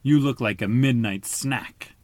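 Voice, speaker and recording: A hungry storybook dragon with a snarling, menacing delivery, as a man reading aloud puts him on. The voice sits at an ordinary middle pitch and stays loud. The room is dry and close. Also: a little slow, dry recording, lightly acted.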